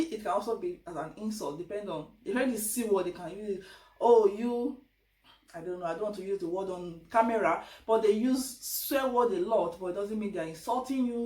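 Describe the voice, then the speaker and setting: A Nigerian woman talks straight to her viewers in a chatty, lively way, slipping into little voices when she quotes people. She sits some way back from the mic, so her voice carries the echo of the room around her. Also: medium pitch. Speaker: vlogger. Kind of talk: casual advice vlog. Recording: echoey room, distant mic.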